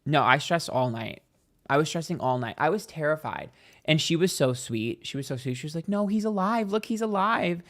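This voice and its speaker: A man's voice: medium pitch, a little fast, a bit bright. A man in casual vlog chat, telling a story with lots of "like" and acted-out reactions. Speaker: tarot reader and YouTuber.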